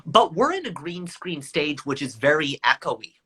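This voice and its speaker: A man in his twenties, a guest telling stories in a live video chat with high energy and a playful, self-mocking manner. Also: sing-song, moderate pace, sharp tone, breathy edge.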